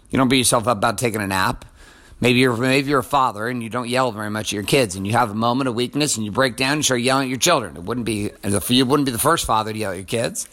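A man's voice: medium pitch, a bit bright. A man in his forties giving a casual motivational monologue, blunt and profane, talking straight to the listener. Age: 40s.

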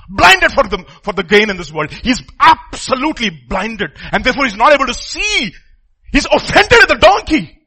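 A middle-aged man preaching a sermon, emphatic, repeating phrases and swinging between loud and soft. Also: extremely high pitch, breathy edge, low-quality recording.

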